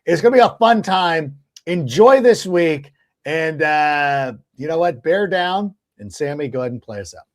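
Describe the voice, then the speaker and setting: A man hosting a sports podcast, talking casually in a lively, rambling way with restarts. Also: fairly high pitch, moderate pace, few pauses. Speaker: podcast host.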